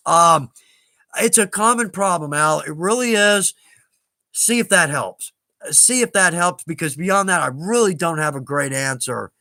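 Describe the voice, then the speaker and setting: Chatty Southern man, high bright voice. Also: animated, unhurried, no echo. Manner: rambling, self-deprecating, chatty. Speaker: live-stream host answering viewer questions. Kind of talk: casual live Q&A chat.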